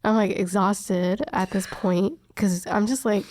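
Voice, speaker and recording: A woman's voice: medium pitch, fairly even intonation, unhurried, darkish tone, no room sound. A young woman, a respiratory therapist, candidly recounting her work experience in an emphatic, storytelling way. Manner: candid, emphatic, quotes others' words. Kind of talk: personal storytelling interview.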